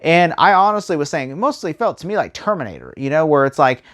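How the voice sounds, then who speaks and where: A man giving a casual spoken movie review, rambling and animated, full of fillers and restarts. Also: on the high side, quick pace.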